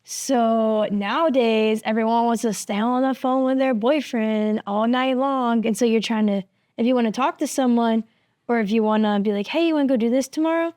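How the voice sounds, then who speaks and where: A woman's voice: a little high, fairly even intonation, normal speed, a little mellow, no echo. Young woman guest, dry close sound. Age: young adult. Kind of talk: casual chat.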